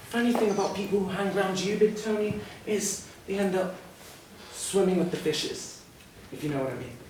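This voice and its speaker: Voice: medium pitch, a little hiss or hum, lightly acted. A student actor playing a tough-talking hard-boiled detective in a school stage play, recorded from far off in an echoey hall. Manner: wry, tough-talking noir narration.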